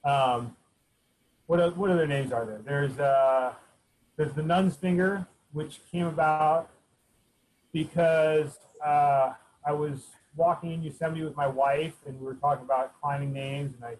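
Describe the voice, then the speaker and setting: A man answering interview questions in a relaxed way, pausing often with fillers as he recalls things. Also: fairly high pitch, poor audio. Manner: hesitant, many fillers and restarts. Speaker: race director.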